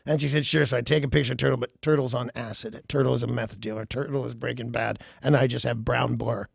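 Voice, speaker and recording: A middle-aged man, a radio host, telling an animated story in a casual talk segment and mimicking other people's voices. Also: medium pitch, fast, gravelly, hardly any pauses, breathy edge, dry recording, clean studio sound.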